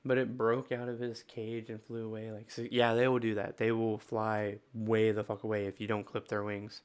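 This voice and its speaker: A man's voice: fairly low pitch, monotone, normal speed, few pauses, clean tone. A man chatting casually on a live stream, loose and swearing, laughing at his own silly voices.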